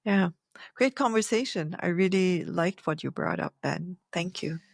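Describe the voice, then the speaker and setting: A woman co-hosting a podcast, speaking in a reflective, animated conversational way and often acting out inner voices. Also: on the low side, a little slow, gravelly, no echo, clean studio sound. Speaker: podcast co-host.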